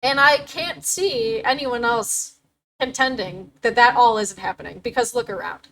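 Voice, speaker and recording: A woman's voice: fairly high pitch, measured pace, fairly bright tone, low-quality recording. A young adult woman hosting a livestream, talking casually and animatedly, swearing and laughing often. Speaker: livestream host.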